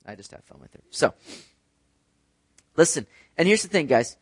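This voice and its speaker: A man's voice: a little high, sing-song, moderate pace, breathy edge, no echo. A man preaching a sermon to a congregation in a conversational way, often checking in with "right?". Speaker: pastor. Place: church service.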